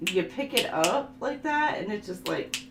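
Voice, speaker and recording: A woman's voice: medium pitch, measured pace, gravelly. A woman giving a casual oracle card reading, chatting and laughing as she reads the card text aloud. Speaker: tarot reader. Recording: echoey room with steady hum.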